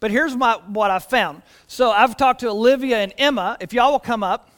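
A man, preaching a sermon in church with lively storytelling and frequent restarts. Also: extremely high pitch, moderate pace, big-room sound. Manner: animated storytelling with repeated restarts. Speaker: pastor.

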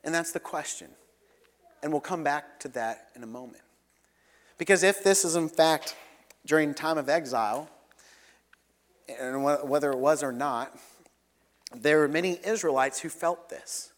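Earnest preacher in a reverberant hall. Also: male voice, fairly high pitch, moderate pace, pauses often. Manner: earnest, rises and falls between loud and soft, leads congregation in repeating. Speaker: pastor. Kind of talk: sermon.

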